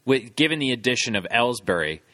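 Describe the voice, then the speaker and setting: A man's voice: mid-range voice, very animated, fairly quick, pushed and bright, no room sound. A man co-hosting a casual sports podcast, opinionated and teasing his partner. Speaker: podcast co-host.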